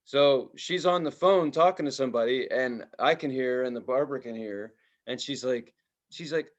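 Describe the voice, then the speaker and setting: A man co-hosting a podcast, telling stories in casual chat, swearing freely and loudly imitating the people in them. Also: medium pitch, normal speed. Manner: animated storyteller, mimics others loudly, swears freely. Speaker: podcast co-host.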